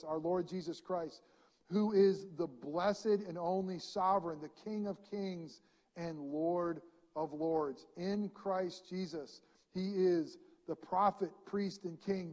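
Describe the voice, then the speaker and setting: Emphatic preacher man in a reverberant hall. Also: on the high side. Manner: emphatic preaching, swinging between ringing proclamation and hushed intimacy; reads scripture passages aloud. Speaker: pastor. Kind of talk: sermon. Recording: long reverb of a large hall.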